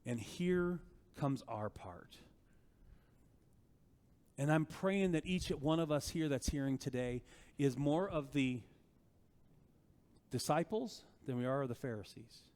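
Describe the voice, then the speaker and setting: Guy preaching, chatty and animated, keeps asking "right?", voice rings in a big reverby room. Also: medium pitch, slow pace, long pauses. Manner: animated, conversational preaching with frequent "right?" and rhetorical questions. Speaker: pastor. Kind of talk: sermon.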